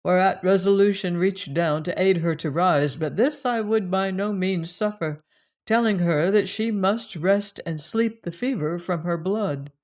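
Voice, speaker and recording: An audiobook narrator reading a classic adventure novel in first person, measured and steady. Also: medium pitch.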